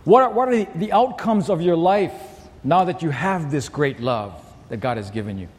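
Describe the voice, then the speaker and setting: A man's voice: a little high, lively intonation, normal speed, long reverb tail. A man preaching a sermon to a congregation, telling a story and acting out the quoted lines. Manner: storytelling, acts out quotes and shouts. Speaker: pastor.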